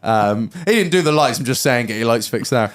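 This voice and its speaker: A man telling a long, swearing-laden story on a podcast, jumping into high voices for the people he quotes. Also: animated, brisk. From England. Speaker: podcast co-host. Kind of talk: casual storytelling chat.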